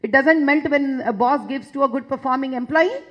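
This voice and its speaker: A woman's voice: high voice, moderate pace, muffled recording. A woman with an Indian English accent giving an impassioned public talk, emphatic and repeating phrases for force. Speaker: public speaker addressing a session.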